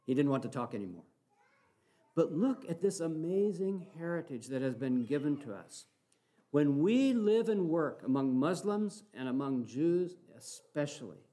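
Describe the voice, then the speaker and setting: An older man preaches a sermon in a church, his voice sitting a little high for a man. He tells stories in an earnest, measured way and builds to fervent appeals to the congregation. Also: mellow. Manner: earnest storytelling, rising to fervent exhortation.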